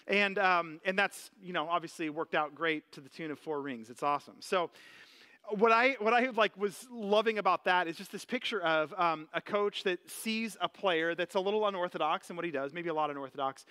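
A man's voice: high voice, a little fast, bright, forceful tone, clean tone. A man preaching a sermon as a church pastor, casual and chatty, with many fillers and restarts. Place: church sanctuary.

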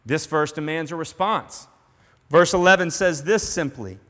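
Man, pastor, sermon, earnest, hushed to emphatic, higher voice, long hall reverb. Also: normal speed.

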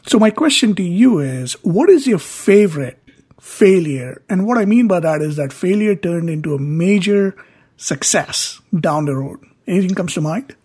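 Husky-voiced podcast host asking questions. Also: mid-range voice, animated, moderate pace, mellow. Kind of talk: interview questions.

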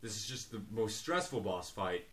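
A man on a casual podcast calmly explaining a tough video game boss fight. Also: on the low side, moderate pace. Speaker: podcast co-host. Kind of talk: casual chat.

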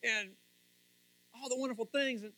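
A man's voice: very high-pitched, steady tone, moderate pace, bright, forceful tone. A man preaching a sermon to his congregation in a playful way, speaking to people directly by name. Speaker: pastor. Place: church before a congregation.

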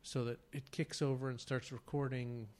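Guy rambling thru a story in casual chat, mid pitch, acts out the callers. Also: flat delivery, moderate pace, darkish tone.

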